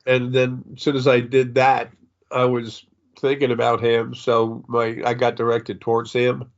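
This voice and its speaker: A man's voice: medium pitch, completely flat delivery, a little slow, dull audio. Older sniffling man rambling about spirits. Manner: meandering, many fillers and restarts. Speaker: psychic medium.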